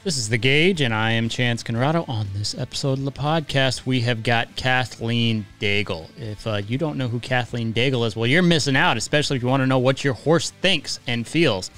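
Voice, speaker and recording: Smooth-voiced chatty male podcast host. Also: medium pitch, brisk, few pauses, a bit bright, soft background music. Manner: blunt, chatty, says what he thinks. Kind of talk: casual podcast interview.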